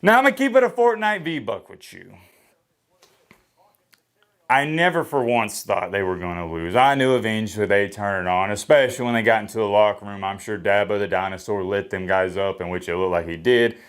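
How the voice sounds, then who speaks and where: A man doing a solo sports reaction vlog. He talks in a blunt, opinionated way, with energetic swings in pitch and a slightly hoarse voice. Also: brisk. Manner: opinionated, blunt trash talk. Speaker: sports vlogger. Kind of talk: solo college football reaction.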